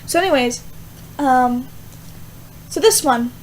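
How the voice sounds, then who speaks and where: A young woman, a student, rambling casually through a Bible verse vlog with lots of fillers and animated asides. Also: high voice, slow, a little hiss or hum, poor audio. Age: young adult. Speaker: student vlogger.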